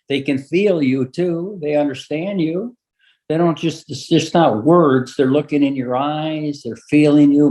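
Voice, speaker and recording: A man's voice: mid-range voice, a little mellow. Reassuring man giving plain advice. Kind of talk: interview testimony.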